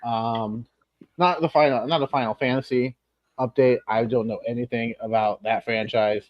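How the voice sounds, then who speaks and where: A man's voice: medium pitch, steady tone, moderate pace, no room sound. Rambling male podcast host, lo-fi. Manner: rambling, self-correcting, laughs at himself. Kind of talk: casual podcast chat. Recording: dull lo-fi sound.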